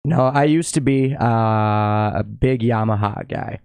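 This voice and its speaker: A man's voice: on the low side, slow, darkish tone, clear, resonant tone, dry recording. A young man from Minnesota, a drummer guesting on a podcast, chatting casually and swearing often. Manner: laid-back, swears often, says yep a lot. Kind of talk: casual chat.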